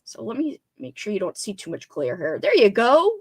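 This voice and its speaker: Bubbly woman hosting a lively livestream. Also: mid-range voice, moderate pace, breathy edge. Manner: bubbly, greets chat by name, laughs often. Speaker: booktube livestream host. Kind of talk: casual live chat with viewers.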